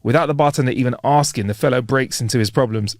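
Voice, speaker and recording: A man reading jokes aloud in a lively storytelling way. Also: mid-range voice, fast, no room sound, studio quality. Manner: lively storytelling, laughs at punchlines. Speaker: joke reader.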